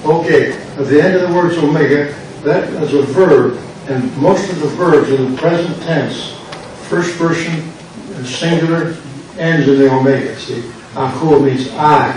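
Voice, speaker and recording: An older man, a pastor, slowly and patiently explaining grammar in a classroom lecture. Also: on the high side, a little mellow. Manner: slow, patient explaining with repetition. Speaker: pastor teaching a Greek class. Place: church classroom. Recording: echoey classroom from far off with background noise.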